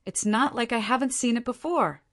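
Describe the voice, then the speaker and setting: A playful, self-assured teenage boy from an audiobook, voiced by a woman narrator. He speaks in a light, teasing way, and the reading sits somewhat higher than the narrator's own voice. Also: animated, unhurried.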